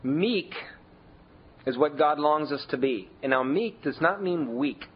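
A man preaching a sermon in a conversational way, leaning hard on key words with big shifts in pitch and volume. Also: animated, unhurried, husky, muffled recording. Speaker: pastor.

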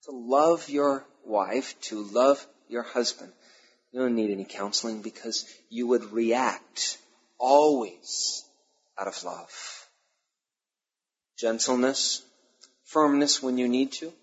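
A male pastor preaching a sermon, emphatic, repeating key phrases and pausing between them. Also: medium pitch, husky. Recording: dull lo-fi sermon recording.

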